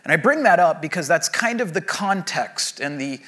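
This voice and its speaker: A pastor in his thirties or forties delivers a conversational sermon in a bright, somewhat high voice for a man. Expressive and moderately paced, he tells stories with frequent fillers and restarts.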